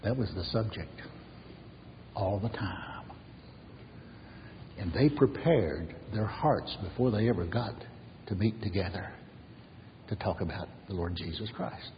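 Male pastor, very low voice, earnest sermon, hushed asides, long church reverb, muffled recording. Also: a little slow, pauses often, noisy background. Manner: earnest preaching, drops to soft near-whispers for emphasis.

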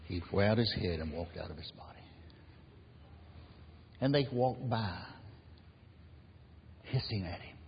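Low voiced preacher telling stories, slow and hushed phrase ends, big echoey hall, faint hiss. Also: male voice, dull audio. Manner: unhurried, dropping to a hushed close at the end of phrases. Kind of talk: sermon with storytelling.

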